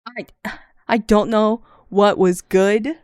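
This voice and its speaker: A young woman, streaming a casual reaction, loud and profane with frequent exclamations. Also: medium pitch, steady tone, slow, clean tone, no echo, studio quality.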